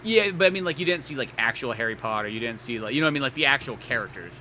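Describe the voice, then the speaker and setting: A man's voice: mid-range voice, expressive, rapid-fire, sharp tone, a little hiss or hum. A young man co-hosting a podcast, rambling casually with lots of fillers and sarcastic asides. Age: young adult. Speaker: podcast co-host. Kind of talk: casual chat.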